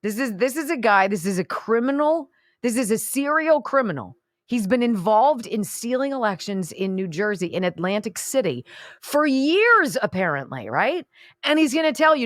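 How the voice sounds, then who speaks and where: A woman's voice: fairly high pitch, sing-song, normal speed, no echo, clean studio sound. A woman hosting a political talk radio show, emphatic, indignant and sarcastic.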